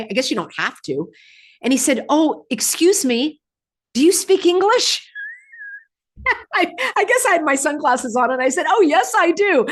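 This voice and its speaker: Casual middle-aged woman from California, talking to the camera, with emphatic high bursts. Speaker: vlogger.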